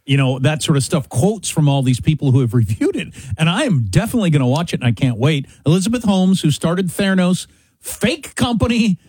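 Opinionated radio co-host dude, husky, pitch all over the place, dry mic. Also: male voice, animated, a little fast, a little mellow, no echo. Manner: opinionated, blunt. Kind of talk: casual talk radio banter.

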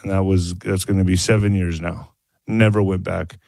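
A man, a former boxer, guest on a radio interview, telling a personal story in a halting way with many restarts. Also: low-pitched, fairly even intonation, creaky, a little mellow, no room sound. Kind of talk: candid phone-in interview.

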